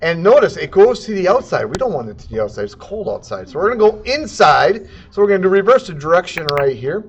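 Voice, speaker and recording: Goofy high-voiced man teaching CAD. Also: very animated, fast, few pauses, dull audio, a little hiss or hum. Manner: goofy, jokey, sound effects and silly accents. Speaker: CAD instructor. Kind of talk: casual screen-recorded tutorial.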